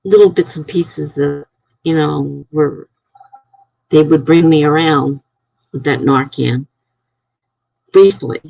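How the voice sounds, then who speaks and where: A middle-aged woman talks through a personal story in a loose, rambling way, her voice gravelly and the sound dry and close. She halts, restarts and circles back as she goes, like a live streamer chatting to viewers. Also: sits low, no echo, poor audio. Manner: rambling, halting, full of restarts and "I'm like".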